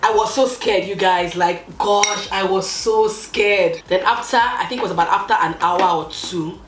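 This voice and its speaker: A young woman telling a storytime with expressive, dramatic emphasis, drawing out key words. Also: mid-range voice, normal speed, roomy sound, a little hiss or hum, low-quality recording. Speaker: vlogger. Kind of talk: casual storytime.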